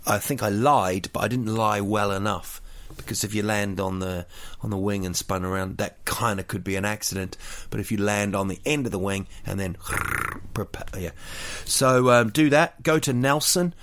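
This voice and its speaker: A man's voice: on the low side, normal speed, fairly bright tone. A man from New Zealand with a New Zealand accent, chatting casually and telling rambling, jokey stories full of fillers and restarts. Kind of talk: casual chat.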